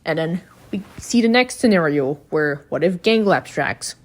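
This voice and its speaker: A woman's voice: lowish voice, lively intonation, normal speed. A woman giving a casual, chatty recap of a cartoon episode, with blunt, profane reactions. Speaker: video reviewer.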